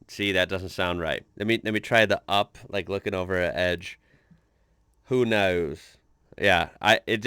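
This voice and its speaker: Chatty American man, bright crisp voice. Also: sits low, no echo, clean studio sound. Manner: rambling, hesitant, thinks aloud. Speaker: reaction video host. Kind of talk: casual reaction commentary.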